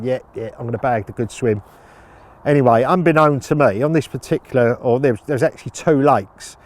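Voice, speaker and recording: A man's voice: mid-range voice, darkish tone. Chatty man chuckling through a story. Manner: chatty, chuckling, with sound words. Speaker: carp fishing consultant. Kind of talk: telling a funny anecdote.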